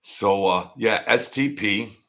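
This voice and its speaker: A man with a deep, low voice rants sarcastically as a show host. He talks slowly and heaps mockery on the people he discusses. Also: creaky, bright, forceful tone. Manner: sarcastic, mocking. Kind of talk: ranting commentary.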